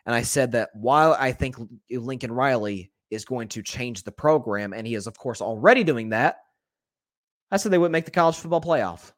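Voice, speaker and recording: Animated and mid-range, a man's voice drives this solo sports podcast as he shares candid opinions. He addresses the audience directly as folks and corrects himself quickly while chatting. There's no room sound, just clean studio audio.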